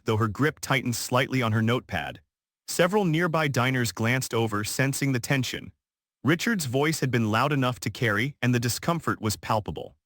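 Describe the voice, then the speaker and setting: A man reading a dramatic story as narrator, in a steady, even storytelling delivery. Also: mid-range voice, dry recording, clean studio sound. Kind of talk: scripted narration.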